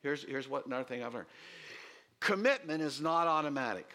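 A man preaching a sermon to his congregation, repeating key lines for emphasis. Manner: animated preaching, swooping pitch, quick asides. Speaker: pastor.

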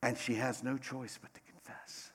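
A middle-aged man preaching a sermon, dramatic, swinging between loud bursts and hushed asides. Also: mid-range voice, level tone, normal speed, breathy edge.

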